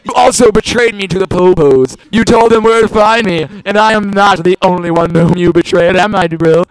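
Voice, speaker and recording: A man's voice: high-pitched, brisk, clear, resonant tone, no room sound, low-quality recording. An actor playing a vengeful male convict with a knife, taunting with mocking laughs in 1940s radio acting style.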